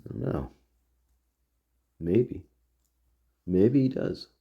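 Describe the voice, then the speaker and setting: A man's voice: low-pitched, expressive, very slow, vocal fry, husky, lo-fi sound. A man hosting a casual monologue, rambling and repeating himself as he thinks aloud and talks straight to his listeners. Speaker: podcast host.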